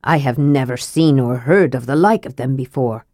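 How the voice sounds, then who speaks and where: A woman voicing a grave, wary elderly male dwarf king from a storybook, speaking slowly and troubled. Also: rumbling low, warm tone, dry recording, studio quality, pitched below the performer's own voice.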